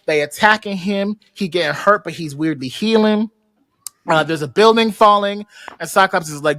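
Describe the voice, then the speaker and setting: A man hosting a podcast, recapping an episode in animated casual chat and slipping into slangy voices as he quotes characters. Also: high voice, normal speed, no echo. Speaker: podcast host. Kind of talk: casual recap among friends.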